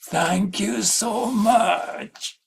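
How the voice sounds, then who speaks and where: A man's voice: drawn-out words, creaky. A man performing poetry with chanting and singing over a video call. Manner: chanting, sliding wildly between high and low. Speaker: performing poet. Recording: distant mic with loud music.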